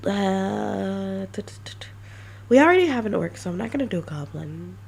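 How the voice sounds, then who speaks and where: A woman streamer chatting casually and brainstorming ideas, halting with many restarts. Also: mid-range voice, expressive, gravelly, husky. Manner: halting, many restarts, self-mocking laughs.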